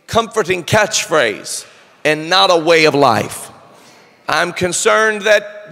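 A male pastor preaching a sermon, slow and drawn out, building to shouted fervor, recorded in a church sanctuary. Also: sits high, vocal fry, big-room sound.

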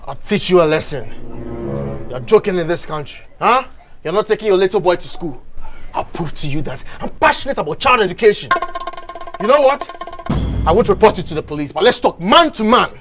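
Man in a comedy skit, high animated voice, shouts and repeats himself. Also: a little fast, soft background music. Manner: excitable, shouting, repetitive outbursts.

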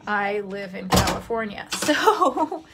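Livestreaming from her childhood bedroom, a young woman from Queens, New York chats casually with viewers and laughs often, giggly and talkative. Her medium-pitched voice swings widely in pitch and moves slowly, with heavy background noise.

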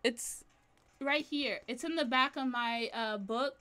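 Brief: woman streamer, fairly high voice, rambling casual chat while drawing, laughs a lot. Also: slow pace, pushed and bright. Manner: chatty, rambling, laughs often. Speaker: livestreaming artist.

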